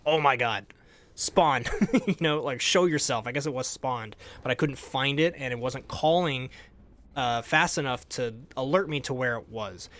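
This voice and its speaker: A young man telling a lively, casual recap of a survival game as a YouTuber, often laughing and letting his phrases trail off quietly. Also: medium pitch, moderate pace. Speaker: gaming YouTuber.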